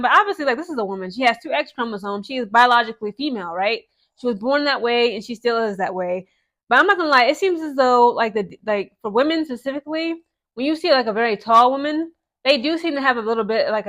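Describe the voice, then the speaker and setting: A young woman with a slightly high voice giving casual sports commentary to her followers. She talks in an animated, chatty way and keeps checking in with her audience as she goes. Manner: chatty, animated, frequent "okay?" and "guys" asides.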